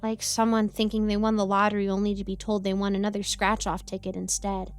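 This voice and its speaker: A woman's voice: mid-range voice, completely flat delivery, brisk, clean tone, soft background music. A woman narrating a first-person horror story with a playful, girlish delivery and sudden yelps and giggles.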